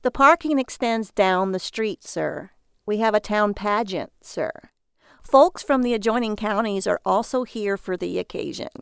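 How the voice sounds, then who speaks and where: A woman voicing a stiff, overly formal male hotel clerk with a high-pitched voice, in a noir audio story. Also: a little slow, vocal fry, clear, resonant tone, no echo, studio quality. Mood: stiffly polite.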